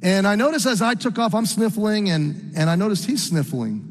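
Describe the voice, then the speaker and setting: A middle-aged American pastor tells his sermon as a story, earnest and halting, often starting over. His voice is high-pitched and expressive, with a long reverb tail.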